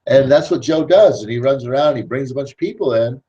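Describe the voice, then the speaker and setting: Animated persuasive male podcast host. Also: mid-range voice, a little fast, highs cut off. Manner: animated, persuasive, acts out scenes. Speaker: network marketing podcast host. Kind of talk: casual monologue.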